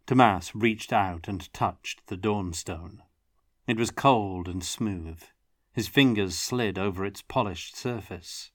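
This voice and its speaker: A man's voice: low-pitched, slow, a bit bright, dry recording, studio quality. A man narrating a fantasy story, reading steadily. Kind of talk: audiobook narration.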